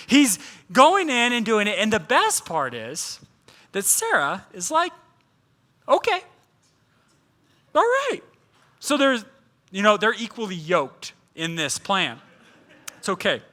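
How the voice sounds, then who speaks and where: Male guest preacher with a high, very animated voice, telling his sermon with humor. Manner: humorous, conversational preaching with playful asides.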